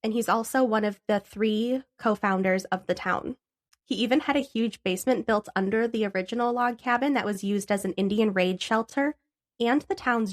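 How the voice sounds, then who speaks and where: A young adult woman co-hosting a podcast, chatting casually with frequent laughs and swearing, then reading out history. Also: mid-range voice. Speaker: podcast co-host.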